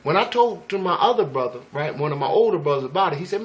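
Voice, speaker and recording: A man's voice: on the high side, animated, quick pace. A man telling a personal story in a casual, rambling and profane way, full of emphatic asides to the listener. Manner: rambling, profane, emphatic, frequent "you know what I'm saying". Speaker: vlogger.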